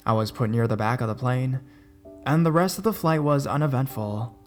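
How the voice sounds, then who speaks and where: A man giving a scripted first-person horror story narration in a measured, deliberate way. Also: mid-range voice, soft background music.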